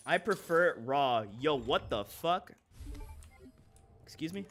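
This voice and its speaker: A man's voice: a little high, expressive, slow, pauses often. Joking young male game streamer. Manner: joking, reacting to chat, sudden shouts. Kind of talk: live gameplay commentary.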